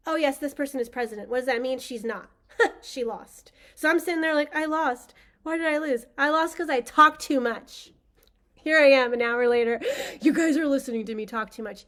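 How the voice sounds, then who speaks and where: A woman's voice: sits high, a bit bright. A woman hosting a spiritual workshop, talking in a casual, enthusiastic, rambling way with lots of fillers. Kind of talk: casual teaching talk.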